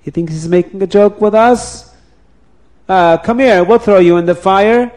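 A man voicing a mocking crowd of male villagers, loud and sneering in a told story. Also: high voice, unhurried, pitched above the performer's own voice.

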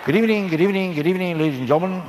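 Man doing a smarmy showman host, drawn-out, raised pitch. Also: a crowd in the background, background noise, close to an everyday voice. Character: smarmy male TV variety show host.

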